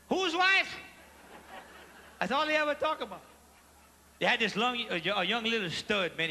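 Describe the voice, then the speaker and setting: A Cajun man performs stand-up comedy live on a theater stage, telling his jokes in a loud, animated way and acting out the people in them. His voice sits very high and sounds sharp and forceful. The long reverb of a large theater hall hangs behind him. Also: a little hiss or hum. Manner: loud and animated, acts out characters in the story.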